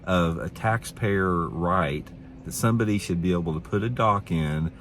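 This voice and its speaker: Low-voiced man telling a rambling story. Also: moderate pace, a bit bright, a little hiss or hum. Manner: rambling, repeats himself, indignant. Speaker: fishing show host. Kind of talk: casual storytelling.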